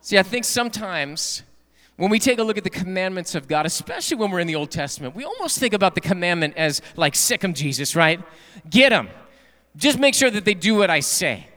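Lively preacher in a reverberant church. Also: male voice, sits high, fast. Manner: animated, rhetorical, asks the congregation questions. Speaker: pastor. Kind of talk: sermon. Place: church sanctuary at a Wednesday night service.

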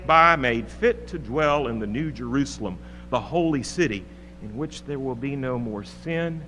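A man preaching a sermon with a fairly high, lively voice and a bright, forceful edge. He swings dramatically from soaring peaks to hushed lines. The sound carries a long reverb in a church hall, with a faint hum underneath.

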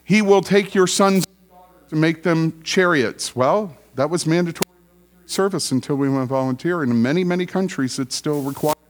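A man preaching to his congregation, with a voice pitched a little above the usual. He talks in a relaxed, conversational way and drives his points home by repeating short phrases. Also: a little fast. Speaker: pastor. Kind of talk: sermon.

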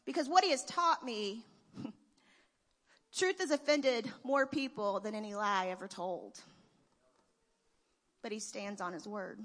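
A woman's voice: mid-range voice, measured pace, pauses often, fairly bright tone. A woman giving an emotional church testimonial, laughing between phrases. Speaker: church member giving a tribute. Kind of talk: heartfelt testimonial speech. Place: church sanctuary. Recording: long reverb of a church hall.

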